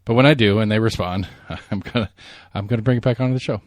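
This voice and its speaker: Low-voiced man rambling about local politics. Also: quick pace, dry recording. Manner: rambling, animated, lots of fillers and restarts. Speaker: podcast host. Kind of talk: casual political chat.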